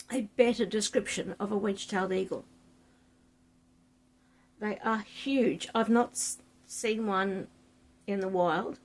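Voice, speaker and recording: Husky, creaky-voiced woman. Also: medium pitch, darkish tone. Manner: enthusiastic, chatty, reads passages with relish. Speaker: book vlogger. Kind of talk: casual book chat with reading aloud.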